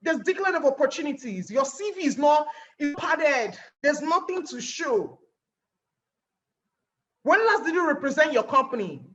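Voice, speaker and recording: A woman's voice: sits high, big pitch swings, normal speed, fairly bright tone, highs cut off. A woman with a Nigerian accent giving a webinar talk as guest speaker, acting out little scenes and firing rhetorical questions.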